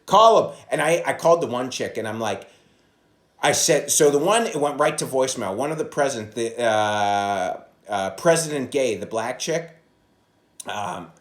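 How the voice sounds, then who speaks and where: A man's voice: mid-range voice, reverberant. A man, a stand-up comedian, rambling through a profane solo podcast monologue, recorded on a phone propped against a coffee cup. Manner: profane, rambling, jumps into loud impressions.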